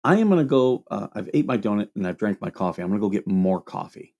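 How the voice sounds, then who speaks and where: A man's voice: fairly low pitch, sing-song, fast talker, darkish tone, lo-fi sound. Casual man hosting a chat stream. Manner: loose, rambling, reads viewer questions aloud and answers them. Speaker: livestream host answering veteran questions.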